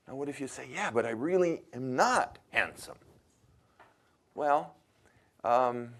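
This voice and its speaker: A man speaking to a workshop audience, asking them direct questions and coaching them in a plain, conversational way with some hesitations. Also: mid-range voice. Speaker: workshop leader. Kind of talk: motivational workshop talk.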